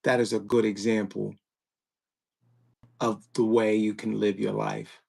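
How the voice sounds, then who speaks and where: Gravelly, measured male podcast host. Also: lowish voice, little pitch movement, mellow. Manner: slow, measured questions with fillers. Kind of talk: casual podcast interview.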